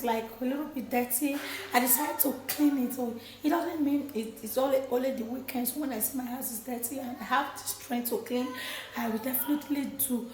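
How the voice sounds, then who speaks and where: A woman and mother with a hoarse voice, chatting casually to camera in her kitchen and laughing often. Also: sits high, darkish tone, reverberant, a little hiss or hum. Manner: chatty, laughing, addresses viewers as guys. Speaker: vlogger, mother. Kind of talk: casual vlog chat to camera. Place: home kitchen.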